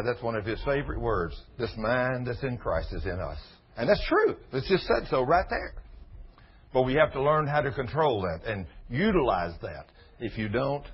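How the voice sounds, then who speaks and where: A man preaching an informal Bible lesson, folksy, reading scripture slowly and with weight. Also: mid-range voice, breathy edge. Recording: dull lo-fi sermon recording.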